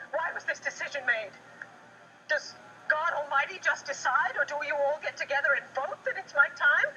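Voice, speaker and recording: An actress playing a grown daughter newly arrived in heaven, pleading and emotional, in a 1980s daytime soap. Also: female voice, sits high, pushed and bright. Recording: dull TV broadcast with music.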